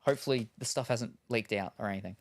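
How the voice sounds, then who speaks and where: A man's voice: fairly low pitch, fast talker. A man chatting casually while unboxing gear, rambling with lots of ums and asides. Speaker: streamer.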